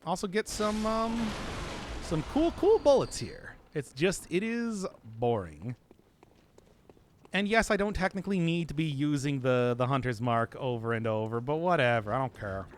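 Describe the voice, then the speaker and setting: A man's voice: fairly high pitch, lively intonation, moderate pace, noisy background. A man streaming a video game, chatting casually in a rambling, joking way and laughing often. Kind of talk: casual live-stream commentary.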